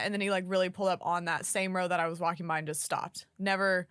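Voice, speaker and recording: A young woman from Oklahoma co-hosting a podcast, telling a story in casual chat. She is an animated storyteller who swears casually. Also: medium pitch, quick pace, few pauses, clean tone, dry recording. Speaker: podcast co-host.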